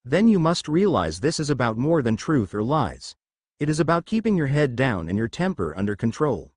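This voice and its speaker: A man's voice: medium pitch, big pitch swings, normal speed, dry recording, studio quality. A man voicing a stern, fiery young witch in a read-aloud story, scolding and commanding.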